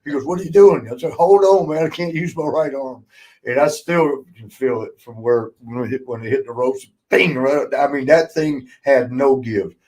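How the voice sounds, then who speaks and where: In a rough recording, a former wrestler hosting a podcast recounts road stories from years back. His mid-range voice keeps a normal speed while he laughs often, swears without holding back and performs the people he quotes in this loose, casual conversation.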